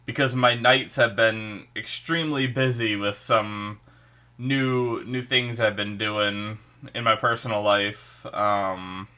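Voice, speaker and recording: A man's voice: fairly low pitch, fairly even intonation, slow pace, bright, forceful tone. A man hosting a casual reaction video, chatting and thinking aloud as he watches, his nose slightly stuffy.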